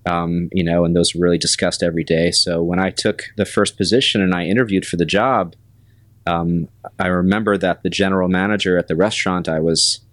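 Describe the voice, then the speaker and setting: A restaurant manager in his forties tells stories from his career. His voice sits very low. He speaks in a measured, unhurried way with frequent pauses and fillers, close to a dry microphone. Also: steady tone, fairly bright tone, no echo. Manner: measured, many ums and pauses. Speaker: restaurant general manager, guest. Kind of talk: casual interview storytelling.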